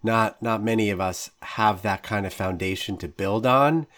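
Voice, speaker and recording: A man's voice: lowish voice, normal speed, fairly bright tone. A man hosting a casual interview, listening closely and sharing his own wedding photography experience. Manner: attentive, lots of short backchannel replies.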